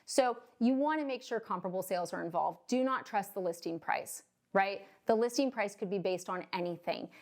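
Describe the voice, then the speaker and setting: A woman's voice: mid-range voice, a little fast, few pauses. A woman mortgage loan officer explaining home buying in a casual, chatty way, tossing in "right?" and "okay?" and joking asides. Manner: jokey asides and acted quotes.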